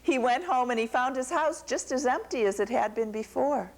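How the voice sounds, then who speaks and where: A woman telling a folktale to a young audience, animated and asking them questions. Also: high voice, moderate pace. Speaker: storyteller.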